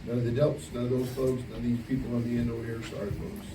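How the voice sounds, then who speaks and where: A camp preacher, a man with a middle-pitched voice, teases the kids and snaps out quick commands. He sounds far from the microphone in a big echoey hall. Steady noise hangs behind him. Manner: playful teasing, barking quick commands. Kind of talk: leading a game for campers. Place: camp meeting hall with campers. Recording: echoey hall, distant mic, noisy.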